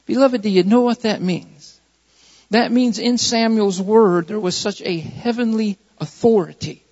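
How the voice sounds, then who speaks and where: A man preaching a sermon in a high, gravelly voice that keeps coming back to its key phrases and builds in force. It is a dull, muffled recording with a long reverb trailing off his words in the church hall. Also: a little mellow. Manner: emphatic, repeats key phrases, builds in intensity. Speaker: pastor.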